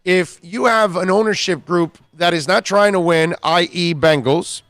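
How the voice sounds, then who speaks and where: A man's voice: high voice, measured pace, a bit bright, dry recording, clean studio sound. A man hosting a sports talk radio show, bluntly scolding listeners with repeated rhetorical questions.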